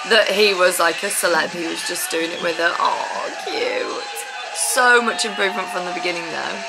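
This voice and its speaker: A woman giving an excited, casual reaction commentary as a dance vlogger, gushing, gasping and exclaiming as she watches. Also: on the low side, moderate pace, vocal fry. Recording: music playing loudly behind her.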